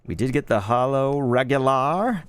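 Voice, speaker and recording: A man in his thirties chatting casually while opening trading cards live, laid-back and quick to get excited. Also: mid-range voice, smooth, no echo. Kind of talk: live card-opening stream chat.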